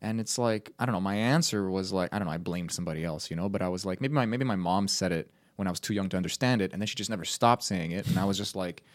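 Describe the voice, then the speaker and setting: A man's voice: low-pitched, fast talker, hardly any pauses, no echo, clean studio sound. A man co-hosting a podcast in casual chat, loose and self-mocking, swearing freely. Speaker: podcast co-host.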